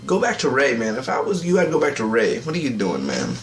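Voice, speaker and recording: A man giving a casual spoken review of a TV episode, rambling and excitable, recorded on a tablet. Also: mid-range voice, fairly quick, echoey room, slight background noise. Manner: rambling and excitable, acts out characters' lines.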